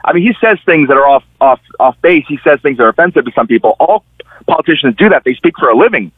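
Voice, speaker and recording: A man's voice: on the high side, lively intonation, fast, husky, no echo. A middle-aged man, a newspaper columnist and guest, telling stories animatedly and acting out the people he quotes. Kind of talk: conversational political commentary. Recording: tinny phone line.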